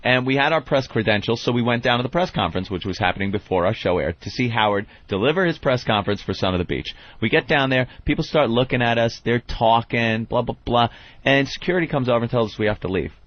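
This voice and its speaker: Profane radio co-host, heated. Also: male voice, mid-range voice, lively intonation, quick pace, no room sound. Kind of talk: casual radio talk, storytelling. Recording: dull lo-fi radio recording.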